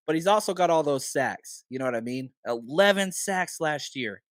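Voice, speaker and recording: Guy ranting on his sports podcast, kinda hoarse, higher voice, dead dry sound. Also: no echo. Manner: animated, rapid-fire rhetorical questions. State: slightly hoarse from talking. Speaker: podcast host. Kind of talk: casual sports talk.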